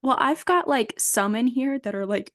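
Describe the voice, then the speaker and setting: A woman's voice: fairly high pitch, lively intonation, normal speed, fairly bright tone, dry recording, clean studio sound. A young woman co-hosting a podcast, talking hesitantly with lots of fillers and the odd giggle. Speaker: podcast co-host. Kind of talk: casual chat.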